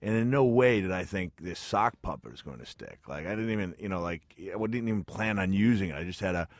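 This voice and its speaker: A middle-aged man with a very low voice talks as a guest on a studio radio interview. He tells long stories in a chatty, self-deprecating way and laughs often. The sound is close and dry. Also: expressive, quick pace, no echo. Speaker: guest, retired pro wrestler. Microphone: studio mic.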